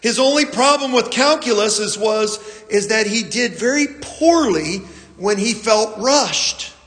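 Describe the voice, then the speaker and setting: A man preaching a sermon as pastor, telling a story slowly with some fillers and restarts. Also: sits high, lively intonation, a bit bright, reverberant, long reverb tail.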